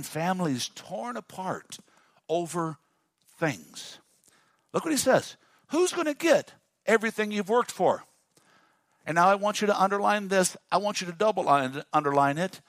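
A male pastor with a fairly high voice delivers a dynamic sermon. He calls on the congregation to say words back to him. The sound is dry and close. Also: animated, moderate pace, fairly bright tone, no echo. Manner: dynamic, call-and-response with the congregation.

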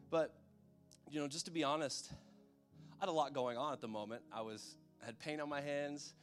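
A man's voice: mid-range voice, fast, a bit bright, soft background music. Casual, chatty male preacher. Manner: conversational, checks in with the audience. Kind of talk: sermon.

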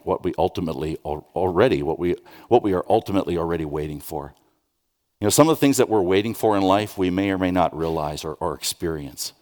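A man preaching a sermon, conversational with restarts and rhetorical questions, dropping soft and then rising with urgency. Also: low voice. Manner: swings from soft, hushed lines to raised, urgent questions. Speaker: pastor.

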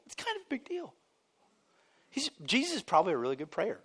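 Man preaching with big loud swings. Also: high voice, fairly quick, husky. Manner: animated and emphatic, swinging from loud bursts to near-quiet; casual asides with chuckles. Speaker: pastor. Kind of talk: sermon. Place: church service.

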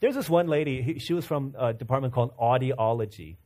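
A man's voice: mid-range voice, fairly quick, mellow. A male pastor preaching a sermon in a conversational storytelling way, often repeating and restarting words as he builds to fervent points.

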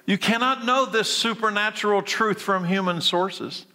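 A man preaching a sermon, swinging from hushed, slow lines to emphatic, rising ones and repeating his key points. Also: sits high. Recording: long hall reverb.

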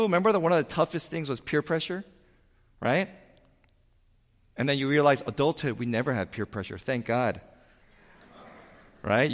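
A man preaching a sermon as pastor, telling a Bible story with animated voices for its figures. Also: medium pitch, big-room sound.

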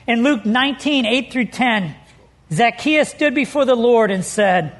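A man's voice: very high-pitched, animated, unhurried. A middle-aged man preaching a sermon as pastor, telling stories with animation and leaning hard on key words.

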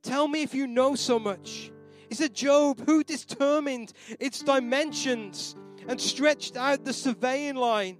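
A man preaches a sermon in a strikingly high voice, with guitar and band music playing beneath him. His delivery swings from hushed, near-whispered pleading to loud, soaring proclamation. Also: slow. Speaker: pastor. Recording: live church sermon with band playing behind.

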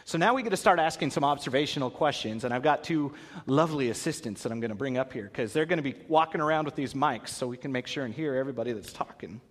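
A man's voice: mid-range voice, fast talker, few pauses. A man leading an interactive Bible lesson, asking the audience questions and acting out voices. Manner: animated, acts out voices, asks the audience questions. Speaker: pastor. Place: large hall with an audience. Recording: long hall reverb.

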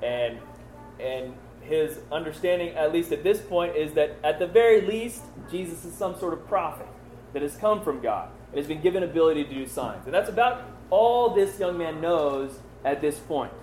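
A male Bible teacher talks through scripture in a loose, conversational way, often asking "you know?" and "right?". His voice sits a little high for a man, and the recording is echoey with faint ambience behind it. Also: expressive, normal speed, a little mellow, slight background noise. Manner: conversational, many fillers and rhetorical questions.

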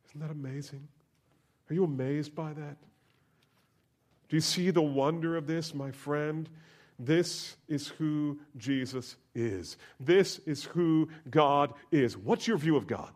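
A man's voice: fairly high pitch, animated, slow pace. Storytelling male pastor preaching a sermon. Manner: storytelling, swings from soft asides to loud emphatic preaching.

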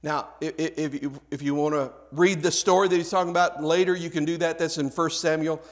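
A man's voice: on the high side, steady tone, fairly quick. A man preaching a sermon to his congregation, conversational, with frequent restarts, asking the listeners questions directly. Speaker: pastor.

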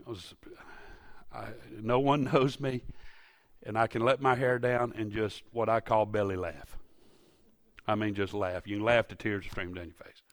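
A man preaching a sermon in a church, folksy and storytelling, rising to loud emphatic peaks. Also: lowish voice, fairly even intonation, normal speed, no echo. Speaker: pastor. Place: church sanctuary.

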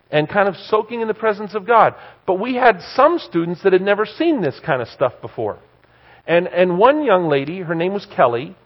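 A male pastor and professor preaching a sermon, telling a story and acting out the dialogue with animated delivery. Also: high-pitched. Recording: dull lo-fi sound.

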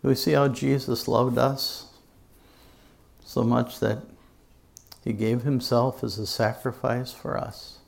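A male pastor preaching a sermon in church to his congregation, earnest and emphatic, with dramatic pauses. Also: medium pitch, level tone, gravelly.

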